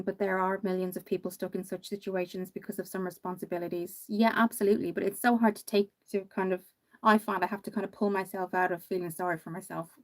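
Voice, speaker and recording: A tired woman from Ireland with a mixed Irish accent, chatting casually with viewers on a makeup livestream and reading out their comments. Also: on the low side. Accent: Irish, not tied to one county, with some American mixed in. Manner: chatty, sympathetic, trails off quietly mid-thought. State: tired after one hour of sleep.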